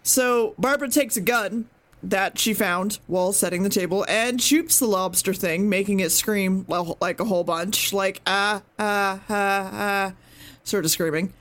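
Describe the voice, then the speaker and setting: A woman's voice: mid-range voice, normal speed. A woman co-hosting a podcast, recapping an episode in a rambling, swearing, self-correcting way. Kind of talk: casual podcast chat.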